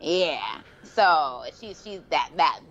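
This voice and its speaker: A young adult woman from Georgia, a guest telling stories in a lively, animated way. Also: low-pitched, takes it slowly, dull audio, very noisy. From Georgia, USA. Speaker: guest, bodybuilding champion. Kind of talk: casual interview chat.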